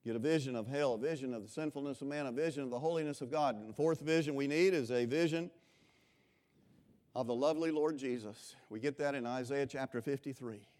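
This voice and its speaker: A man from Florida preaching a revival sermon, swinging between loud impassioned calls and quiet personal storytelling. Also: mid-range voice, a little fast. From Florida, USA.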